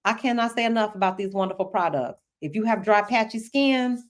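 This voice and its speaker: A middle-aged woman from the United States hosting a casual live-stream Q&A. She is chatty and animated, laughs often and talks straight to her viewers. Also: medium pitch, brisk. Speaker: host answering viewer questions.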